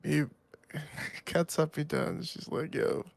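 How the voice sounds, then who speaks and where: A man's voice: fairly high pitch, steady tone, slow, creaky. A young man streaming a game, chatting casually with a friend, joking and laughing often. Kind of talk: casual gaming chat.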